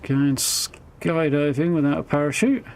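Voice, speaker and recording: A man's voice: a little high, fairly even intonation, unhurried. A man giving casual, wry commentary while live-streaming a video game. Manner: wry, chatty, self-mocking.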